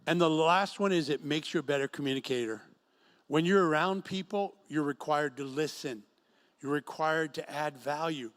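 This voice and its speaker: A man's voice: a little high, moderate pace, fairly bright tone. A middle-aged man preaching a sermon to a singles group in an event room, telling stories and acting out quotes. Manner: storytelling with acted quotes. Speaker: pastor.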